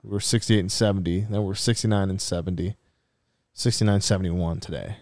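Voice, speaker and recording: A man's voice: low-pitched, fairly even intonation, brisk, a little mellow, no echo, clean studio sound. A young man co-hosting a casual sports chat, ranting and swearing, mocking critics in put-on voices. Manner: profane, ranting, mocks people in put-on voices. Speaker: podcast co-host.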